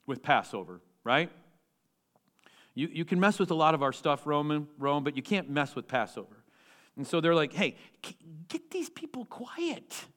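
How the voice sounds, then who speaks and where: A male pastor delivering a sermon in an animated way, using rhetorical questions and repeating key phrases for emphasis. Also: a little high.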